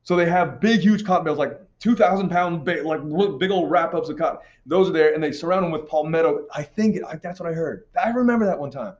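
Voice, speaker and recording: An American man teaching history in a casual, slangy, animated lecture over slides, recorded with dull lo-fi sound. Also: fairly high pitch, quick pace, hardly any pauses.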